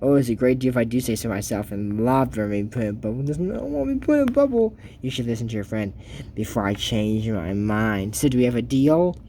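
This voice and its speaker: A smug, scheming cartoon fairy villainess as a man puts her on, pitched low and bargaining sweetly for what she wants. The voice stays on a middle-level register, dropped down for her. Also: expressive, brisk, dark tone, a little hiss or hum, close to an everyday voice.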